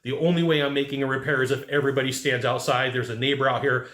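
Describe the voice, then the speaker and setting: A man giving casual advice to HVAC technicians, telling lively work stories and acting out what people said. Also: mid-range voice, quick pace, echoey room. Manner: animated storyteller who acts out quotes. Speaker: HVAC sales trainer.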